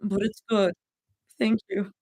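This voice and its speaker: A woman reading aloud, putting on a fragile young woman who speaks softly and croakily, her words trembling. The voice sits close to the mic and sounds dry. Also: medium pitch, little pitch movement, takes it slowly, no echo, poor audio.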